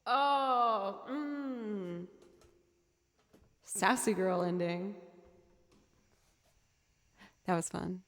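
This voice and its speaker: A woman streaming music in casual live-stream chat with her viewers. She rambles in a chatty, self-deprecating way, and her voice sits at an everyday middle pitch. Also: steady tone, drawn-out words, fairly bright tone.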